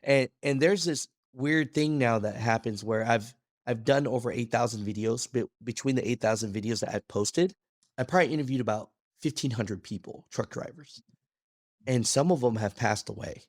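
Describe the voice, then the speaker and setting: A man talking as a podcast guest in a casual chat, an energetic storyteller who acts out quoted dialogue and restarts his sentences often. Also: mid-range voice, moderate pace, no room sound, clean studio sound. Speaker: podcast guest, trucking video creator.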